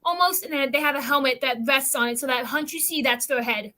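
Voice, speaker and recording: Young woman, host, bright sharp voice, casual rambling chat. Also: high-pitched, brisk. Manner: chatty, rambling, lots of "like" fillers.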